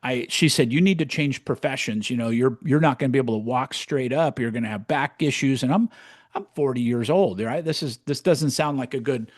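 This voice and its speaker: A man in his sixties from California tells his story in a casual podcast chat. He talks bluntly and with animation, swearing freely. His voice sits at an average pitch and sounds dry and close. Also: a little fast, no echo. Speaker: podcast co-host, real estate coach.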